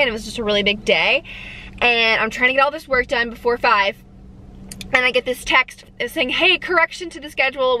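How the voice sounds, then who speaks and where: A woman's voice: on the high side, a little hiss or hum. A woman in her twenties with a Southern US accent, chatting casually and telling stories to the camera in a vlog. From Georgia, USA. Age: 20s. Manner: chatty, animated storytelling. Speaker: vlogger.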